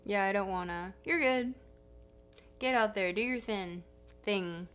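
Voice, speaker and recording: A woman's voice: mid-range voice, unhurried, clean tone. A young woman hosting a casual livestream, chatting in a rambling, self-correcting way. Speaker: livestream host. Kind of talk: casual stream chat. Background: soft guitar music.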